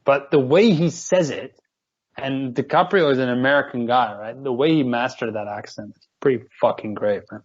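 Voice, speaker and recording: A man's voice: mid-range voice, normal speed, slightly rough. Guy rambling and swearing away, mid voice, dull lo-fi sound. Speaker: podcast co-host. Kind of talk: casual chat.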